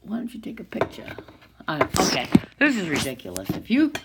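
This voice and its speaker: Agitated woman with a gravelly voice. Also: lowish voice, wildly swooping pitch, brisk, very noisy. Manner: agitated, swinging between whispers and angry outbursts; sarcastic, talks to unseen doubters. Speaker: vlogger filming herself. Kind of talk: rambling self-recorded monologue.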